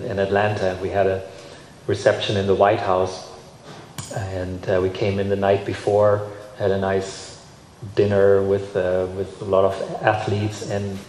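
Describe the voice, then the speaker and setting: Low-voiced man telling a story in a hall. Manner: relaxed, halting, with fillers. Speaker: dressage rider and trainer. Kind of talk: storytelling to a symposium audience. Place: large hall. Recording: echoey hall recording with faint noise.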